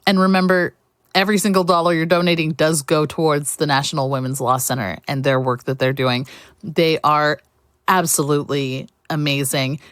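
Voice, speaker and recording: A woman's voice: low-pitched, steady tone, normal speed, fairly bright tone, dry recording, studio quality. A woman hosting a live charity speedrun stream, chatty and upbeat as she reads out donations and thanks volunteers. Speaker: marathon host.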